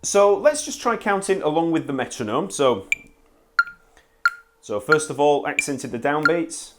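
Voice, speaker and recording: A man gives an online bass lesson in a friendly, explanatory way. His pitch moves around a lot as he talks. He counts beats aloud to show the rhythm. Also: expressive, unhurried, pauses often, very noisy. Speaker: bass teacher.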